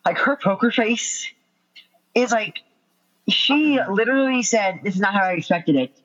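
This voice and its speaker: A woman chatting casually about a TV show, talking in a rambling way full of "like" and excited quoted reactions. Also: mid-range voice, moderate pace, dull audio. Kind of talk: casual chat recapping a TV episode.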